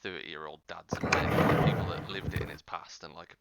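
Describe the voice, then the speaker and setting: A man in his thirties from the UK, co-hosting a casual gaming podcast with friends, excitable and prone to loud bursts. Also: low voice, normal speed, vocal fry, background noise. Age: 30s. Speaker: podcast co-host. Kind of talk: casual chat among friends.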